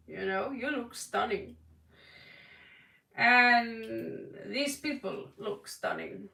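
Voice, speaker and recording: A woman with a Norwegian accent giving a tarot reading on a livestream, talking dramatically with sudden loud stresses. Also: on the high side, takes it slowly, vocal fry, recorded from a distance. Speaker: tarot reader. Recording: echoey room, voice a bit off-mic.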